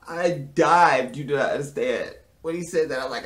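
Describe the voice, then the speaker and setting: A man talks straight to camera in a loose, animated recap, cursing freely and acting out each exchange. His voice sits a little high for a man. The room around him is echoey. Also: moderate pace, few pauses. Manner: animated, profane, acts out the dialogue. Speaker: TV episode reviewer.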